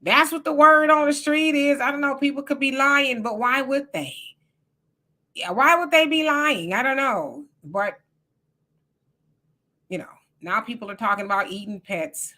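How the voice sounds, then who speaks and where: Middle-aged black-woman, bright voice, chatty, reads out chat comments. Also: high-pitched, a little slow. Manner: reads viewer comments aloud, chatty and teasing. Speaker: livestream co-host. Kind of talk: casual live-chat commentary.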